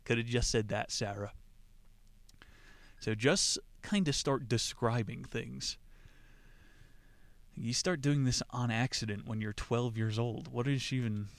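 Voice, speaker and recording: A man's voice: mid-range voice, a little slow, vocal fry, long pauses, dry recording. Male podcast host with a mocking, offhand delivery in a dead-dry booth. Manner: irreverent, rambling, mocking. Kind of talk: casual book discussion podcast.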